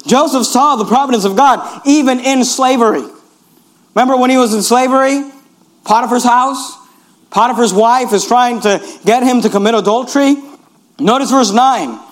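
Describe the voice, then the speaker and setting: A man's voice: very high-pitched, moderate pace. A man preaching a sermon in an earnest, emphatic way, urging listeners again and again to notice each point.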